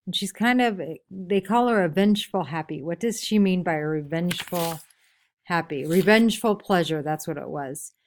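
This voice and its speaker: A woman teacher reading passages from a novel and asking her class questions about them. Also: fairly low pitch. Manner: asks many questions, pausing for answers; reads book passages aloud, then explains. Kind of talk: classroom read-aloud with discussion questions.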